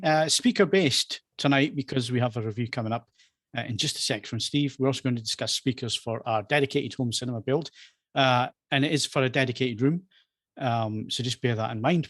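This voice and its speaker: A man's voice: medium pitch, no echo. Guy hosting a podcast, easygoing, moving things along, dry close sound. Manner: easygoing, moves the show along. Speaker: podcast host.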